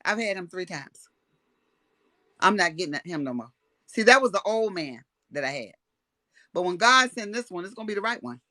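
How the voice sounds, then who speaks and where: A woman in casual chat, talking in an animated, preachy way. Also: lowish voice, normal speed, pauses often, no echo, studio quality. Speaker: co-host.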